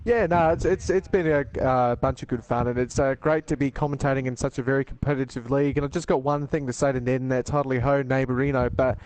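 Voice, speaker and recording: A man's voice: medium pitch, fairly even intonation, fast talker, hardly any pauses, darkish tone, no echo. Laid-back co-commentator man. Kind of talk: sim racing commentary.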